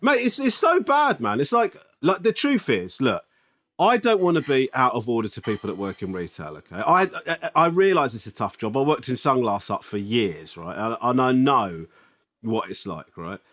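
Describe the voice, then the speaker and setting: Animated man, lively voice. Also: medium pitch, normal speed. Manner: animated, exasperated storytelling that swings up into mock outrage. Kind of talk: casual chat.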